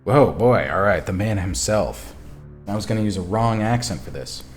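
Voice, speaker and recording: A man streaming a text adventure, reading the story aloud and talking back to his chat, animated and quick to swear. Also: medium pitch. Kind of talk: reading a game aloud and chatting with viewers.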